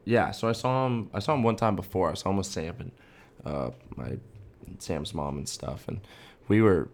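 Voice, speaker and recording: A young man co-hosting a casual podcast tells a long, rambling story packed with filler words. His voice is low-pitched and his pace moderate.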